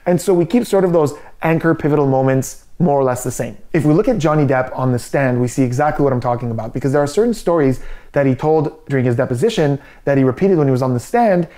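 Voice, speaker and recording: A man's voice: medium pitch, fast, dark tone. A man giving skeptical, methodical body language commentary. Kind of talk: analytical commentary.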